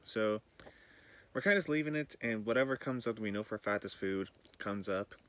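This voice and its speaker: A man from northern British Columbia, Canada, tours his greenhouse for a vlog, a bit groggy since he's just woken up. Filmed on a handheld camera, he rambles loosely in casual chat with some swearing, his voice fairly low, fairly quick and a bit bright.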